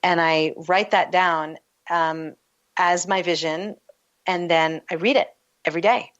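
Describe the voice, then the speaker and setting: A woman's voice: fairly low pitch, fairly even intonation, a little slow, a bit bright. A woman coach as a guest on a talk show, explaining with easy metaphors and laughing often. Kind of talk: casual interview talk. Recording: lo-fi muffled line.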